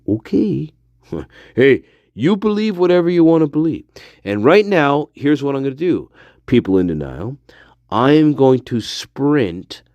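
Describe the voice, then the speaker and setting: A man's voice: medium pitch, clean tone, dry recording. A man in a rambling, mocking monologue, full of fillers, walking through his house while he talks. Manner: mocking, mock-scared, rambling with many fillers. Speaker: vlogger.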